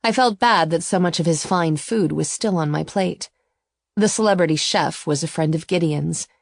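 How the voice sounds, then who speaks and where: A woman narrating a first-person romance audiobook in an even, intimate storytelling manner. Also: fairly low pitch, moderate pace, vocal fry, no room sound, clean studio sound.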